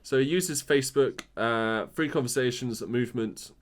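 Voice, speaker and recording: A man's voice: medium pitch, normal speed. A young man co-hosting a podcast, easygoing and rambling in casual chat. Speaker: podcast co-host.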